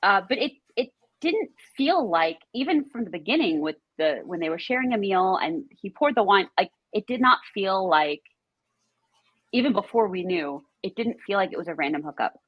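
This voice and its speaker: A woman guest in a casual TV reaction chat, talkative and stopping to quote herself in a higher voice. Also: expressive, normal speed, breathy edge, dry recording, lo-fi sound.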